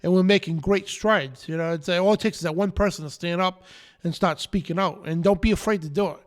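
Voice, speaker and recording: A man's voice: high-pitched, brisk. A man hosting a live show, preaching in an emphatic, defiant rant and repeating his phrases. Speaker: show host.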